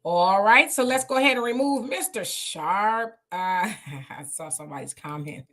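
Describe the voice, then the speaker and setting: A woman's voice: mid-range voice, lively intonation, normal speed, a bit bright. A woman hosting a live stream, giving chatty, opinionated commentary and laughing often. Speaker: livestream host.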